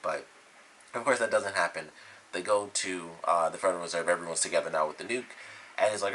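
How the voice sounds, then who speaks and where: A man's voice: low-pitched, brisk, a bit bright, slight background noise, poor audio. A man giving a casual, rambling spoken review of a TV episode, retelling scenes with lots of fillers. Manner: rambling, enthusiastic, loose retelling with many fillers.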